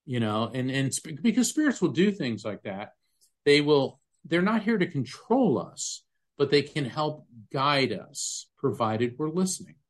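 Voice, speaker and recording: A man's voice: fairly high pitch, very animated, unhurried. A man who works as a psychic medium and was once an attorney, telling stories earnestly and emphatically in a conversational interview. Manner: earnest, emphatic, describes sensations vividly.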